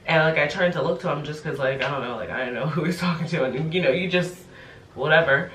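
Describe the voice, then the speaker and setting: A woman's voice: low-pitched, fast talker, a bit bright, reverberant, recorded from a distance, slight background noise, poor audio. A young woman with a stuffy nose chatting casually in a pregnancy update vlog, telling stories with lots of "like". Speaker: vlogger.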